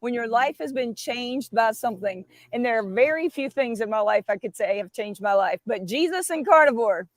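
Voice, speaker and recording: A woman's voice: on the high side, expressive, moderate pace, few pauses, no echo. A middle-aged woman, talking with emphatic enthusiasm as a guest on a live stream. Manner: fired up and emphatic. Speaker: guest speaker.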